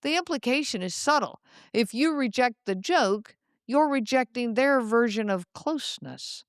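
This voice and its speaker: Woman doing a solo podcast, calm and thoughtful, dry close sound, no room echo. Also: fairly high pitch, moderate pace. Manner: calm, reflective, speaks directly to the listener. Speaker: podcast host.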